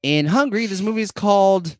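A man's voice: high voice, fast talker, no echo, studio quality. A man co-hosting a casual podcast chat. He reads out foreign titles playfully and stumbles over the words. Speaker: podcast co-host.

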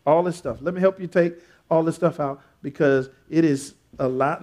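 A man preaching a sermon as pastor, leading call-and-response with his congregation and building up to shouts. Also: fairly high pitch, moderate pace, a little hiss or hum.

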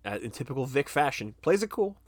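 A man's voice: quick pace, no echo. A man co-hosting a podcast, recapping a film in casual chat, swearing freely and acting out characters. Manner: animated, swears freely, acts out characters in a high squeaky voice. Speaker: podcast co-host.

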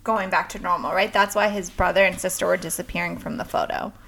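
A woman's voice: on the low side, fairly even intonation, fast talker, creaky, a bit bright, a little hiss or hum. A woman co-hosting a casual chat, walking through a film's plot step by step. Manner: explanatory, recaps the plot step by step. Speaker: podcast co-host.

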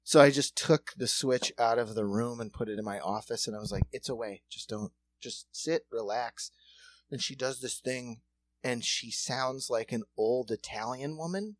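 A man's voice: medium pitch, normal speed. A man co-hosting a podcast, telling a rambling, joking story in casual chat. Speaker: podcast co-host.

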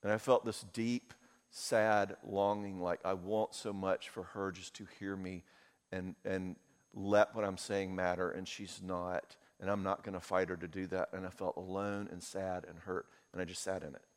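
A man's voice: low voice, little pitch movement, normal speed. Candid man speaking in a reverberant hall. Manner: candid, storytelling, emotional. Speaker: conference speaker. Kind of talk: talk with audience Q&A. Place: conference hall.

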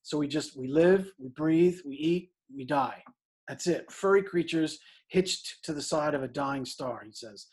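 A man's voice: on the high side, measured pace, a little mellow, husky. A middle-aged man, a priest, preaching a conversational sermon, often checking in with "right?" and stressing scripture. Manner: conversational, frequent "right?" asides, emphatic on scripture.

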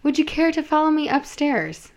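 A woman voicing a shrewd, friendly woman who runs a house, speaking in a knowing, brisk way. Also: high-pitched, very animated, darkish tone, highs cut off, voice pushed up.

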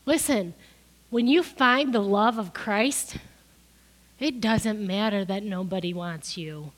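A woman's voice: medium pitch, takes it slowly. A middle-aged woman preaching a sermon, crying as she gives an emotional testimony that builds to emphatic peaks.

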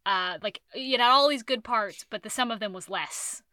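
Woman podcast co-host, bright and higher-pitched, rambling casual chat, dry close mic. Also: moderate pace, no room sound. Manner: rambling, animated, swearing, with self-corrections and laughs.

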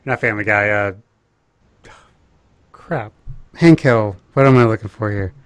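A man's voice: on the low side, measured pace, clear, resonant tone, dry recording. A man from Texas chatting casually on a writing podcast, rambling and enthusiastic, with plenty of asides. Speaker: podcast co-host. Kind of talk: casual chat.

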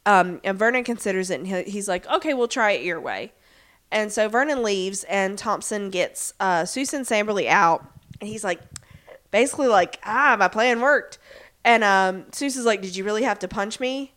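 A woman's voice: mid-range voice, expressive, fairly bright tone. A woman co-hosting a casual podcast, retelling the scenes of an episode and acting out bits of the characters' lines. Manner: recaps scenes with quick acted-out quotes, lots of "um" and "like". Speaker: podcast co-host recapping a TV episode. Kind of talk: casual chat.

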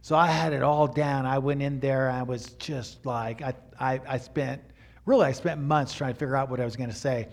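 A man in his sixties, a pastor telling stories in a sermon, animated and rising to loud bursts. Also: mid-range voice, normal speed. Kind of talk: sermon storytelling.

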